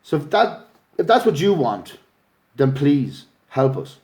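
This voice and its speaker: A man's voice: fairly high pitch, very animated, measured pace, darkish tone. A middle-aged Irish man, a father and activist, making an earnest, emotional appeal on a livestream. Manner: earnest, pleading, gets emotional. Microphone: phone or laptop livestream.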